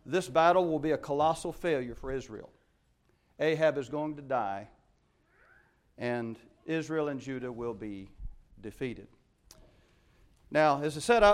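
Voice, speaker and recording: A man preaching with urgent emphasis, his voice sitting somewhat high for a man. He moves between soaring, loud declarations and quiet, low asides as he works through the text. It is a pastor's sermon delivery. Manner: emphatic preaching with wide swings in loudness.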